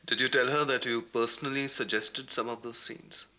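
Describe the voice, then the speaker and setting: Dry, guarded film director. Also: male voice, mid-range voice, steady tone. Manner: measured, dry, quietly probing. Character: guarded, dryly sarcastic male film director. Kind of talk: 1990s TV drama acting.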